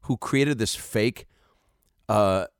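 A male comedian in his thirties riffs loosely to camera, swearing freely. His voice sits on the low side. The sound is dry and close. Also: very slow, clean tone, no echo. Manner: rambling, profane, loose and jokey. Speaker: comedian and host. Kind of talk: casual comedy monologue to camera.

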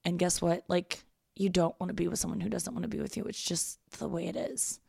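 A woman's voice: lowish voice, steady tone, a little fast, creaky, mellow, husky, no room sound, clean studio sound. A young woman hosting a casual advice podcast, frank and profane, talking a listener through heartbreak in a reassuring way. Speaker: podcast host giving advice.

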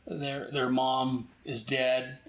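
A man chats through a comic book review in a loose, rambling way, often restarting his sentences. His voice sits at an ordinary middle pitch. The room adds a noticeable echo. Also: level tone, very slow. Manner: rambling, with many restarts and asides. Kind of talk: casual commentary. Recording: echoey room.

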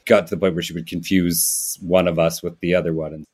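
A man's voice: low-pitched, level tone, fairly quick, darkish tone, breathy edge. A man, a comedian guest on a podcast, talking in a casual, wry, self-mocking way and slipping into silly character voices.

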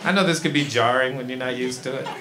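A man from Brooklyn with a New York accent doing a stand-up comedy set, telling stories animatedly and breaking into loud shouted punchlines. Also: medium pitch, fast. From East New York, Brooklyn. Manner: animated storytelling, shifts into loud shouting punchlines and voiced characters. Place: comedy club stage before a laughing audience. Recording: loud audience noise. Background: audience laughter.

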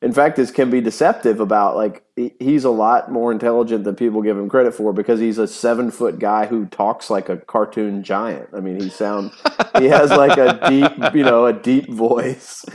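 A man co-hosting a sports podcast, talking in a rambling, animated way with many restarts and fillers. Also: mid-range voice, moderate pace. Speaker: podcast co-host. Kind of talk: casual sports chat.

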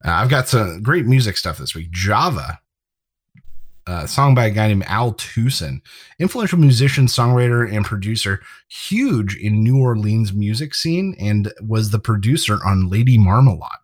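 A husky, slightly low male voice walks through an old TV episode and its trivia in casual podcast chat. He laughs often between facts. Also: lively intonation, moderate pace, dry recording. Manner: laughs often while recapping, trivia-minded. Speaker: podcast co-host.

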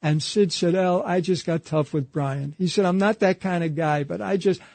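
A high-pitched man being interviewed spins a long anecdote through a string of quoted exchanges, saying "he said" again and again. His creaky, darkish voice moves at normal speed and sounds dry and close, with no room around it.

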